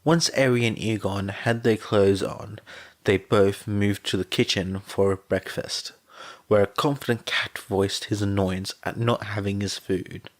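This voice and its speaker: Fan audiobook reader, man, lowish voice, very slow even reading. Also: dry recording. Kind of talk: audiobook narration.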